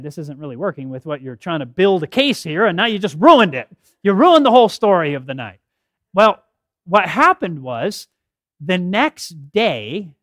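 A middle-aged man giving a health talk at a church podium, telling stories with lively acted quotes. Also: high voice, no room sound, studio quality. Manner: animated storytelling with acted quotes. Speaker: health seminar speaker. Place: church hall. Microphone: podium mic.

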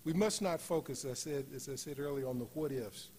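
A man preaching a sermon in a church, slowing on key phrases and rising to loud, emphatic peaks. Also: mid-range voice, a little hiss or hum. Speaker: guest preacher. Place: church sanctuary.

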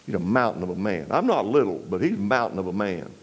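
Husky and sing-song, this fast-talking West Texas man preaches a folksy, story-filled revival sermon, going low and soft for emphasis and driving harder on scripture. The recording is rough.

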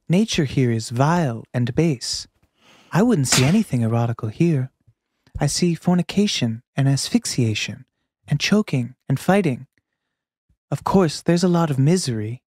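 A man's voice: a little high, darkish tone, dry recording, voice pushed up. Man doing a brooding filmmaker, solemn and grandiose, dry close mic. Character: impression of a famous German filmmaker, gloomy and grandiose.

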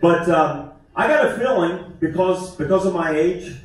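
A man's voice: high voice, lively intonation, unhurried. A man doing a self-deprecating, conversational stand-up comedy set on a theater stage. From West Virginia. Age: 50s. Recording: echoey theater from far off.

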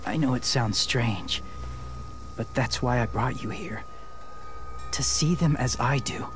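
An actor playing a calm, quiet man who lived among walkers, speaking softly and almost in a whisper. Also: medium pitch, takes it slowly, noisy background, natural voice.

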